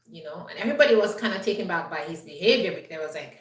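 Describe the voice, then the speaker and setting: A woman's voice: lowish voice, lively intonation, rapid-fire, hardly any pauses, far from the mic. A woman vlogger telling a personal story in a chatty, upbeat way, full of "you know". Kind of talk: casual storytelling to camera. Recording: roomy echo, voice set back from the mic.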